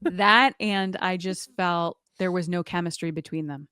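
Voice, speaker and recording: A woman's voice: lowish voice, measured pace, bright, forceful tone, clear, resonant tone, dry recording, clean studio sound. A woman co-hosting a podcast in casual chat, talking with lots of "like" and playful quoted voices. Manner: chatty, says "like" a lot, quotes people in playful voices. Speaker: podcast co-host.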